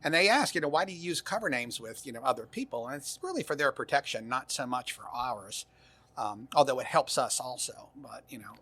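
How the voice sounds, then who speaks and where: A man's voice: medium pitch, expressive, a little fast, a bit bright. An older man, a retired intelligence officer, telling long rambling anecdotes in an interview, with frequent restarts. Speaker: guest, former intelligence officer. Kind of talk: casual interview storytelling.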